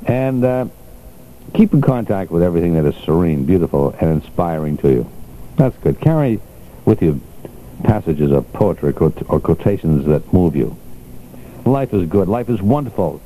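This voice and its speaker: A man's voice: low voice, big pitch swings, moderate pace, warm tone, slight background noise, low-quality recording. An older man hosting a radio show in a casual, chatty way, laughing often and reading items aloud to the listeners. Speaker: radio host.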